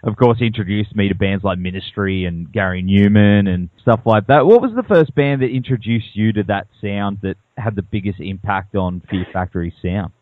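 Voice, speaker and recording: Enthusiastic Australian radio host, low voice. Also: male voice, moderate pace, few pauses, no room sound. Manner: enthusiastic, fan-like, says man a lot. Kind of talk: radio interview. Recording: tinny dry lo-fi sound.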